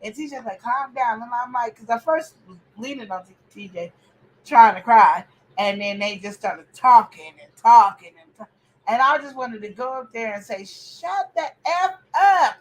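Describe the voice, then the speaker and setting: Animated opinionated woman, casual chat. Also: a little high, normal speed, rough recording. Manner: animated, opinionated, preachy outbursts. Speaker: podcast host.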